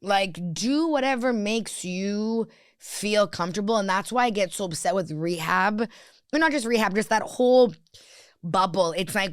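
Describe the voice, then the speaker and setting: A woman guest on a podcast talks frankly and with energy, full of "like" fillers and casual swearing. Her voice sits at a middle pitch and is recorded close and dry, with no room sound. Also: moderate pace, no echo. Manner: blunt, animated, swears freely, many "like" fillers. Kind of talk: candid conversational chat.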